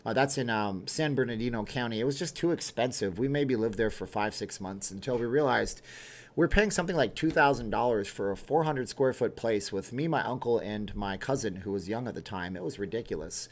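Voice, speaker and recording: A man's voice: mid-range voice, lively intonation, a little fast. A man in his thirties hosting a casual livestream, reading viewer comments aloud and answering them. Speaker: livestream host.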